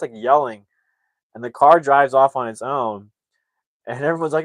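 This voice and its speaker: A man's voice: medium pitch, fairly quick, no echo. Man rambling through a movie recap. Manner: rambling, animated retelling with acted-out quotes. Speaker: movie reviewer. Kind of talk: casual plot recap.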